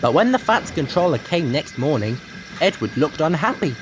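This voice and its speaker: A man narrating a children's storybook aloud in an expressive read-aloud manner. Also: a little high, normal speed. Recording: noisy home recording.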